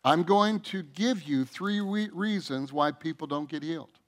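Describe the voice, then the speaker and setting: A man's voice: on the high side, a little slow. A male pastor preaching a sermon, speaking emphatically and addressing the congregation directly.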